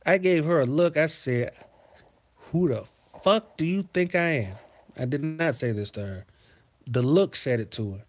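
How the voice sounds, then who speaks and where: A man hosting a casual livestream, reading chat messages and telling profane, animated stories from his childhood. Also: high-pitched, normal speed. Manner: profane, animated, swings into loud outbursts. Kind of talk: casual storytelling to a live chat.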